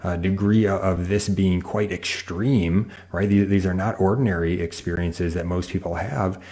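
A man hosting a talk show, speaking in a measured, explanatory way and addressing the viewers. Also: deep voice, steady tone, dark tone. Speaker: host.

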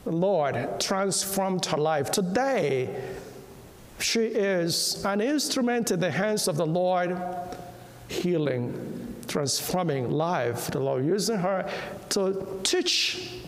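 A man preaching a sermon slowly and emphatically, repeating key words and dropping to a hush at times. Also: high-pitched, expressive. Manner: softens to a hush when quoting. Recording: echoey hall reverb.

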